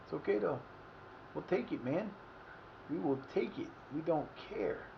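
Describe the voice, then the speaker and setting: In this live commentary, a man streaming a soccer management game grumbles and swears at himself. His fairly high voice is expressive and measured, with some vocal fry. The highs are cut off and there's background noise.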